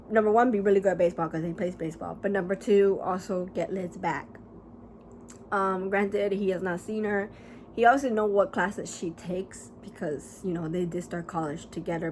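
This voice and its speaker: Woman book vlogger, mid-pitched, chatty and rambling, swears casually. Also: a little hiss or hum. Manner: rambling, animated, lots of fillers and casual swearing. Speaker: book reviewer. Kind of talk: casual chat.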